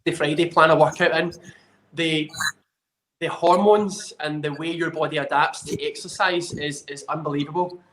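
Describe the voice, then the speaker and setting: A man's voice: on the high side, fairly even intonation, normal speed, fairly bright tone, a little hiss or hum. Earnest man in a roomy echo. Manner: earnest, enthusiastic, restarts often. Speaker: fitness trainer, guest. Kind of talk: casual conversational interview.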